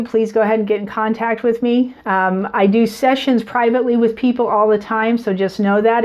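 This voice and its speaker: A woman's voice: mid-range voice, darkish tone. A woman speaks in a mid-range voice, chatting freely and circling back with fillers as she tells a story. The recording is a little dull and lo-fi. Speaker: podcast host and energy healer. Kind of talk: casual spoken monologue.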